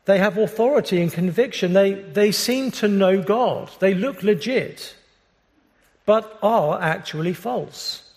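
A British man preaching a sermon as pastor, earnest and measured, often restarting his phrases. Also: high-pitched, a little mellow. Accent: British English. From Britain. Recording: long reverb of a large hall.

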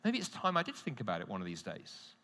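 A man's voice: fairly low pitch, huge pitch swings, fast talker, a bit bright, big-room sound, voice pushed down, heavily acted. A man acting out a thoughtful male colleague who admits he avoided questions of faith. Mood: reflective. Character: thoughtful middle-aged male agnostic colleague.

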